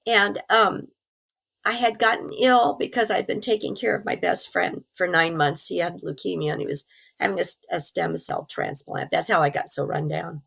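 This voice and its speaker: A middle-aged woman tells her own story as an interview guest. Her voice sits fairly low and has a gravelly, frayed edge, and she is hoarse from recovering from pneumonia. She talks in an earnest, animated way and slips in small laughs. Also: moderate pace. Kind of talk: telling a personal story.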